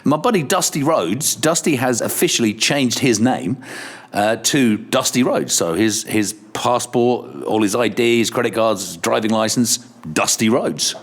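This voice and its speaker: A man's voice: medium pitch, measured pace. A middle-aged man, a radio presenter, telling stories in casual chat, swearing, laughing and acting out what others said. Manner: swearing, laughing storyteller who acts out quotes. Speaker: radio presenter, podcast guest.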